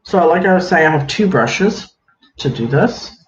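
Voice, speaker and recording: Brief: male streamer, slightly high voice, chatty and casual, greets viewers by name; echoey room, dull lo-fi audio. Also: animated, moderate pace. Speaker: livestream host. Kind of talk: casual livestream chat. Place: home room with a counter. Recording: echoey room, dull lo-fi sound, faint hiss.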